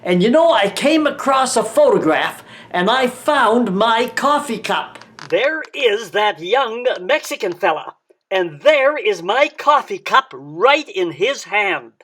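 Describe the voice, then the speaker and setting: An older man from Canada telling a personal travel story in a folksy, wry way, halting often with "uh" fillers. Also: very high voice, very animated, fairly bright tone. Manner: halting, many "uh" fillers, wry self-mocking humor.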